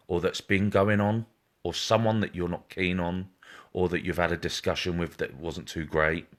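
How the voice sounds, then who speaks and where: A man with a very low voice giving psychic readings on a live stream. He repeats himself, reassures often and calls viewers by name. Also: a bit bright.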